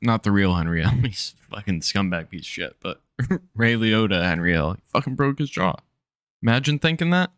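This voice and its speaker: Profane, bright-voiced male streamer. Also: lowish voice, animated, a little fast, no room sound, studio quality. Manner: profane, offhand, loose. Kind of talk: casual chat reacting to a clip.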